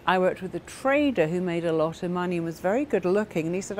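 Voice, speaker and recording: A middle-aged woman therapist giving a motivational talk, telling client stories in a lively way and acting out the voices of the people in them. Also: on the low side, fast, a little hiss or hum. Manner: animated storytelling that acts out quoted voices.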